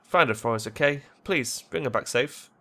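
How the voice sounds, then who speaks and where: A man's voice: medium pitch, normal speed, bright, forceful tone. A man reading game dialogue aloud, voicing a worried young woman who is putting on a brave face. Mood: guarded, pleading.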